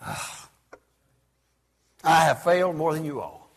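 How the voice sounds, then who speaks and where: Here a man gives a sermon built on call and response, prompting the congregation to repeat him while swinging between loud cries and soft asides. His voice sits on the high side, expressive, at normal speed with long pauses.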